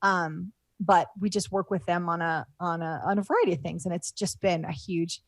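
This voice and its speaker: A woman's voice: lowish voice, fairly even intonation, normal speed, no room sound. Rambling woman speaking in a dry room. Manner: rambling, many fillers and restarts. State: moved to tears. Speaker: guest. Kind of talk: casual interview talk.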